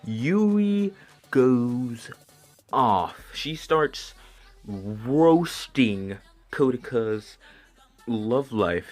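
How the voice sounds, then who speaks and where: A man giving a casual anime review, retelling the plot in an excited, rambling way with many restarts. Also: mid-range voice, very slow, soft background music.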